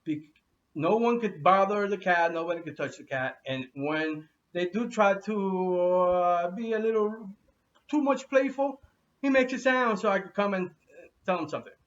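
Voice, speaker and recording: A man giving an unscripted how-to demonstration at home with his pets, talking in a halting way with many restarts and fillers. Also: high voice, recorded from a distance. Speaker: dog owner giving a how-to. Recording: dull lo-fi sound from off mic.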